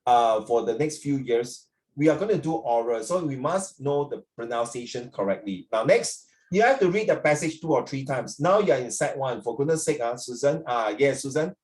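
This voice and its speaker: A man's voice: mid-range voice, expressive, moderate pace, darkish tone. A man with a Singaporean English accent teaching an English class over a video call, chatty and joking, slipping into Mandarin at times.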